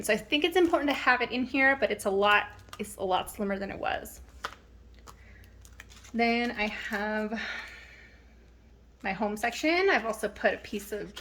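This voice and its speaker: A woman's voice: mid-range voice, a bit bright, slight background noise. Chatty woman showing her planner. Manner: chatty, rambling, with many ums and restarts. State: slightly out of breath. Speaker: planner vlogger. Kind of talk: casual show-and-tell vlog. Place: home.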